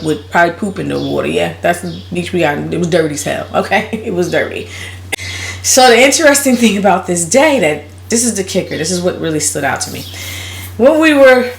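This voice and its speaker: A woman's voice: fairly low pitch, roomy sound, a little hiss or hum. A woman vlogger telling a personal story in a casual, blunt and profane way, laughing as she goes.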